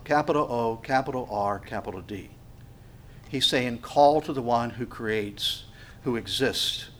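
Preacher guy giving a sermon, voice a bit high, gets loud then drops quiet, stumbles over words sometimes. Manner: emphatic, swinging from loud exclamations to hushed asides; stammers and restarts in bursts.

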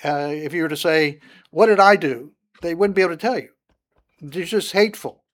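Man, Bible teacher, slightly raised pitch, chatty sermon full of "uh" fillers, leans into the verses. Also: a little fast. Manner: conversational, frequent "uh" fillers, rising emphasis on scripture.

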